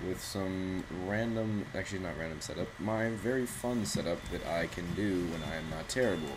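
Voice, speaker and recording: Over a faint layer of background noise, a male gaming channel host narrates live gameplay in a fairly low voice, wandering through jokes and comments that poke fun at himself.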